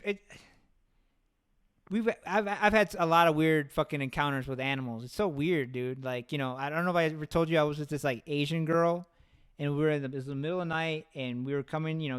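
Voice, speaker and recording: A podcast host in loose conversation, this man keeps his stories rolling with a steady stream of profanity and restarts. His voice sits a touch higher than most men's. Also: fairly quick, clean tone. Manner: rambling, profane storytelling. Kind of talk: casual chat.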